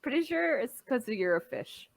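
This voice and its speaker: A woman's voice: fairly high pitch, big pitch swings, moderate pace, vocal fry, dry recording. A woman co-hosting a casual podcast chat over drinks, joking and giggling as she explains the rules of a game. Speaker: podcast co-host.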